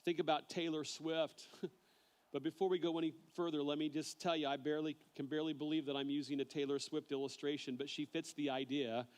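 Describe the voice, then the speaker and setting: A male pastor preaching a sermon in an earnest way, often repeating words as he starts a phrase and slowing down on key lines. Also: a little high, level tone.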